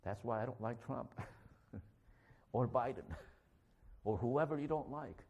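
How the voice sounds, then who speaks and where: A man who is a physician, giving a conversational sermon in a church, animated and joking as he acts out confrontations. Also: medium pitch, takes it slowly, lo-fi sound. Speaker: guest preacher, physician.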